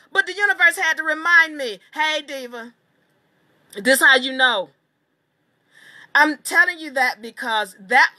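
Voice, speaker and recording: A woman teaching a seminar, telling a long story in an emphatic, animated way and swearing casually. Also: high-pitched. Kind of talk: storytelling lecture.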